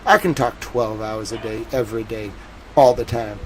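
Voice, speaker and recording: A man with a Boston accent, a live news streamer talking casually to his chat in a soft, drawling way with lively swoops in pitch. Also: normal speed, a little hiss or hum, rough recording. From New England.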